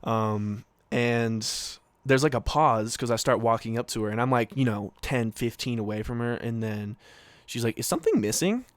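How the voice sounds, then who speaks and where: A man's voice: medium pitch, moderate pace, clean tone, no room sound. A young man co-hosting a podcast, telling a story casually with lots of filler words and swearing. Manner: animated, swearing, many filler likes. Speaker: podcast co-host.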